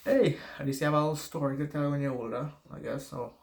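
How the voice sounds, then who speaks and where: A man's quick, somewhat high voice is a little mellow with fairly even intonation, and he has a noticeable non-native accent. Talking to camera, he gives rambling, casual life advice, correcting himself and swearing freely.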